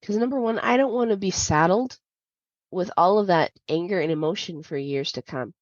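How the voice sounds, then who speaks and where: A woman's voice: lowish voice, moderate pace, no echo. Candid woman telling a personal story. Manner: candid, confiding, with many fillers. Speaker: podcast host. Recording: dull lo-fi dry sound.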